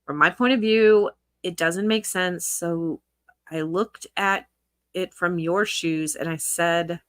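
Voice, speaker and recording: A woman's voice: lowish voice, steady tone, slow, fairly bright tone, dry recording. Sarcastic woman reading texts aloud. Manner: sarcastic asides between read quotes. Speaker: commentary creator. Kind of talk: reading text messages aloud with commentary.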